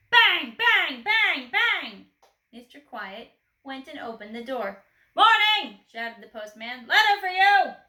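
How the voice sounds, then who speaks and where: A woman reading a children's storybook aloud expressively, gently asking the listener questions. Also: on the high side, echoey room, poor audio.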